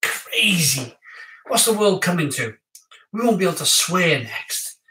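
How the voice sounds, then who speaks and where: A man reviewing craft beer on a live stream in casual, excitable chat with his viewers. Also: high voice, measured pace, far from the mic. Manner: chatty, excitable, talks to viewers. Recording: echoey room, off-mic.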